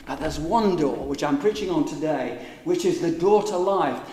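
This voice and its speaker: A man preaching a sermon, emphatic and full of rhetorical questions, stretching some words out slowly for stress. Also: on the high side, darkish tone. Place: church. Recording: echoey church hall with long reverb.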